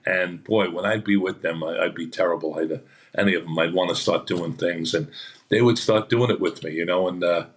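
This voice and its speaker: Man, very low voice, chatty actor guest, rambling anecdotes, acts out quotes. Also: brisk.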